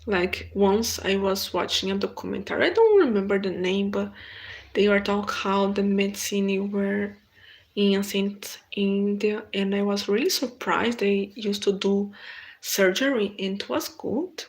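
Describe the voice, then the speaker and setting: A Brazilian woman whose first language is Portuguese, hosting a casual live stream in halting English, reading viewer comments aloud and answering them. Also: mid-range voice. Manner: unhurried, halting non-native English with frequent restarts.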